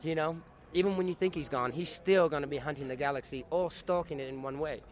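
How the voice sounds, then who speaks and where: Animated young man at a fan convention. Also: fairly high pitch, quick pace. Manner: animated, playful, chatty storyteller. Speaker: actor guest. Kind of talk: casual convention interview. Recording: dull lo-fi sound.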